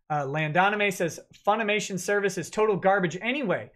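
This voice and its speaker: Male livestream host, high voice, reads chat messages with dry offhand quips. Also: a little fast, fairly bright tone. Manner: wry offhand asides between messages. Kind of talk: reading out viewer super chats on a livestream.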